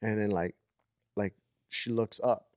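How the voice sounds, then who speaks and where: A man's voice: fairly low pitch, fairly even intonation, measured pace, a little mellow, dry recording, studio quality. A man in his thirties co-hosting a podcast, telling a story in a rambling, casual way with many "like"s and "okay?"s. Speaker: podcast co-host.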